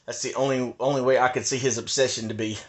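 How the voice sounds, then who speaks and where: A man's voice: mid-range voice, level tone, fast talker. A man in a heated, insistent monologue at his house, repeating his points and ranting. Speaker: video maker ranting on his channel.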